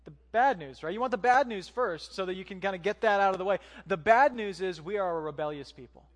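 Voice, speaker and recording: A man's voice: sits high, quick pace, in a large hall. A man giving a conversational sermon as pastor, using joking asides and rhetorical questions.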